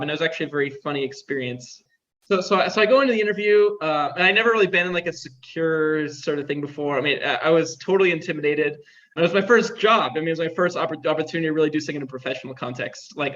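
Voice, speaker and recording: A man's voice: a little high, quick pace, fairly bright tone. A young man telling stories as an interview guest in a chatty way, with lots of filler words. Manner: chatty, heavy use of "like" fillers. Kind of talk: casual storytelling. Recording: dull lo-fi sound.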